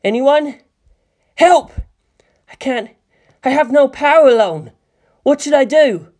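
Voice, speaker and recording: A man's voice: on the high side, normal speed, pushed and bright, husky, full character voice. A man voicing a frightened teenage boy pilot, shaky and pleading. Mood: panicked.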